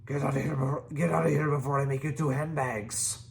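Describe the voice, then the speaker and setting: A man voicing a huge Viking chief who shouts loud commands. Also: fairly high pitch, fairly even intonation, fairly quick, creaky, roomy sound, a little hiss or hum. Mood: shouting.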